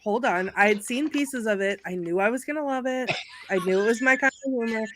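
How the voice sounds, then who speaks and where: A woman on a video call chatting excitedly with friends on a live stream, laughing often as she talks. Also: a little high, fairly quick, slight background noise. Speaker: panelist. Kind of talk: casual chat on a live stream.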